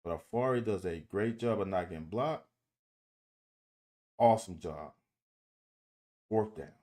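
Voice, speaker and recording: A man giving casual commentary on football game film. He talks to viewers directly and critiques the plays in an animated, exasperated way, with swearing. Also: low voice, a little slow. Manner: addresses viewers directly as "y'all". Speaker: football film breakdown host.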